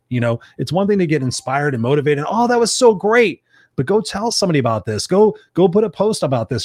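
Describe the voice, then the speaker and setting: A man's voice: medium pitch, no room sound, clean studio sound. A man hosting a live talk show, enthusiastic and effusive, reading out viewer comments and swearing casually. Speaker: podcast host.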